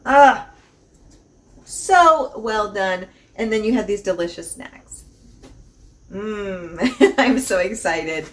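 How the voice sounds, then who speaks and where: A woman's voice: mid-range voice, animated, slow, long pauses, fairly bright tone. A woman vlogger chatting casually through a box opening, bubbly and gushing, often laughing and repeating herself. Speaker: unboxing vlogger. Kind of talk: casual chat.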